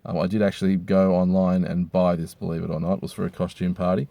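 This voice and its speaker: A hungover man, rambling crudely and with deadpan humor while reviewing hats from inside a car. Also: deep voice, fast, creaky, no echo, lo-fi sound. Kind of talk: casual rambling monologue.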